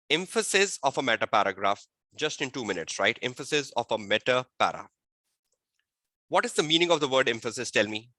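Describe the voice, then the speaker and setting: A male audit tutor giving an online exam-prep lecture, repeating key phrases and quizzing his listeners, slowing to a dictation pace to state the rules. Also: medium pitch, pushed and bright, no echo. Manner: slow dictation-like delivery when stating rules. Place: webinar.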